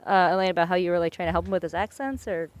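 A woman's voice: fairly low pitch, very fast, no echo. A woman in a casual podcast chat as a player, teasing and rambling with self-interruptions.

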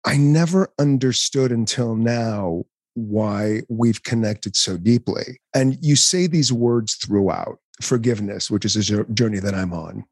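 A man's voice: on the low side, a little slow, few pauses, breathy edge, dry recording, studio quality. A middle-aged man hosting a podcast, effusive and playful, gushing over his guest. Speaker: podcast host. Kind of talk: heartfelt interview.

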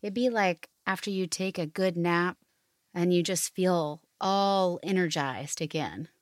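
A woman with a slightly low voice hosts a gentle family devotional podcast. She talks in a slow, soothing way, as if leading a quiet moment of reflection. The recording is dry and close, with no room sound. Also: no echo. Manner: slow, soothing reading and guiding. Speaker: podcast host.

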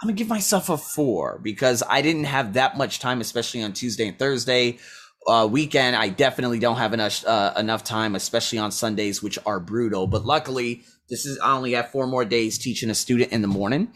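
A man's voice: mid-range voice, fairly quick, fairly bright tone. A man who teaches, talking through a casual weekly self-review, rambling and blunt, swearing freely as he scores himself aloud.

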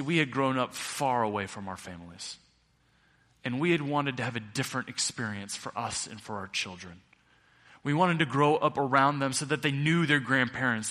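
A middle-aged male pastor preaching a sermon, building to loud peaks and then dropping quiet. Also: medium pitch. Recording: long reverb of a large hall.

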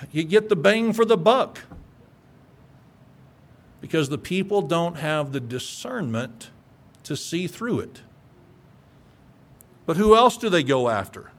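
A male pastor preaching a sermon in an earnest, conversational way that climbs into emphatic peaks. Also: fairly high pitch.

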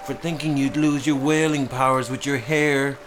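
A man's voice: medium pitch, flat delivery, normal speed, a bit bright, voice pushed up, close to an everyday voice, rough recording. A man voicing a cold, vengeful woman slayer with a mocking, taunting delivery over background music.

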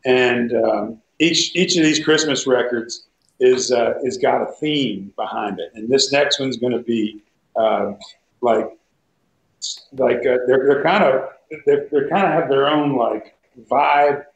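A man's voice: mid-range voice, takes it slowly. A man, a guest musician, chatting casually from home on a video call, rambling in an easygoing way with many fillers. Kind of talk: casual conversation. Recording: echoey room with faint music.

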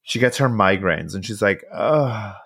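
Man, podcast co-host, casual film recap, lively swings in pitch, acts out lines, swears freely. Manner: animated, acts out characters' lines in quick bursts, swears freely.

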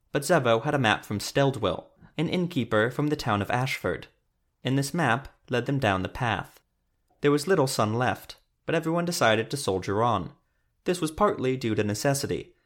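A male narrator reads a fantasy story in a measured, steady way. His voice sits in the middle of a man's range and keeps an even pace. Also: medium pitch.

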